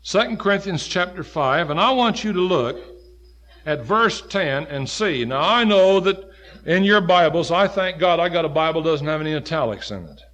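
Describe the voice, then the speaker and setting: A man preaching a sermon, quoting scripture in old King James wording and swinging from emphatic, loud peaks down to low, quiet stretches. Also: expressive, moderate pace.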